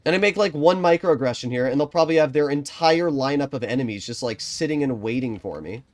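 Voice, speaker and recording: An animated gaming streamer gives fast live commentary on a tank game, swinging between frustrated, swear-heavy ranting and quiet, low-key strategy talk.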